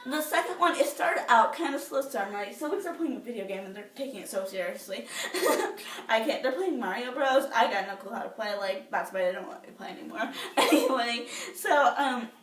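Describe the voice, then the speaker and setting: A woman's voice: fairly high pitch, animated, a little fast. A teenage girl chatting casually to the camera, bubbly and rambling with lots of fillers and restarts. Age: teens. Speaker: vlogger. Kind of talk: casual chat. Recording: echoey room, somewhat far from the mic.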